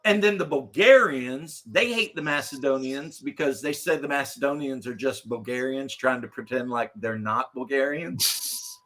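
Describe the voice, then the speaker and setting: A man's voice: mid-range voice, moderate pace. A man co-hosting a casual talk show, rambling and laughing as he talks. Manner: rambling, laughs often, bursts into shouted imitations. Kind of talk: casual chat.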